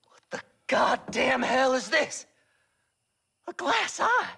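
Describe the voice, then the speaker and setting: A shrill, gravelly old grave robber who drawls slowly and swings his voice wildly up and down. He is crude and cackling, a greedy old-timer in a western game scene. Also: very animated, sharp tone, heavily acted. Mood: outraged. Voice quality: creaky, cackling. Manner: giddy, crude, mocking.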